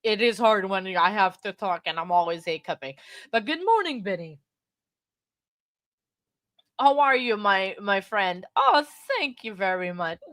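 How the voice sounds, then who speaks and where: A woman hosting a livestream, talking in a rambling, halting way while she has the hiccups. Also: medium pitch, lively intonation, a bit bright, dry recording. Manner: rambling, self-interrupting, halting. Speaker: livestream host. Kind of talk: casual livestream chat. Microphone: desk microphone.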